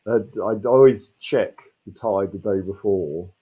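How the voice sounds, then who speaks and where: A man in his fifties, a street performer, telling a rambling, animated story and swearing freely. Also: lowish voice, unhurried, breathy edge, lo-fi sound. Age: 50s. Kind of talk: casual storytelling.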